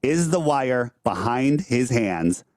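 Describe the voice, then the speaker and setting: A man's voice: mid-range voice, very animated, takes it slowly, a little mellow, no room sound, clean studio sound. A man on a livestream debating a caller, insistent and repeating himself. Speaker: streamer arguing with a caller.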